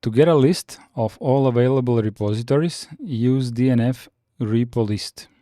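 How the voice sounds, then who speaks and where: A man hosting a live-streamed lesson, reading through command notes and answering chat in a steady, explanatory way with frequent fillers. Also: medium pitch, moderate pace, dry recording, studio quality. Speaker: Linux course host.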